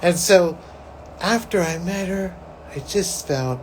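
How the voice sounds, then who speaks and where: A man's voice: sits high, slow pace, a little hiss or hum, low-quality recording. A man hosting a psychic show, telling a story in a rambling, casual way, full of "like" and "you know". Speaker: psychic host.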